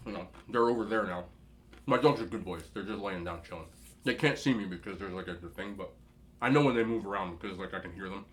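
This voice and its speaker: A man's voice: low voice, fast talker. Man, 30s, casual storytelling, chatty, rambling, eating on camera at home. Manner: chatty, rambling, animated when telling stories. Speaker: mukbang host. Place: indoors at home.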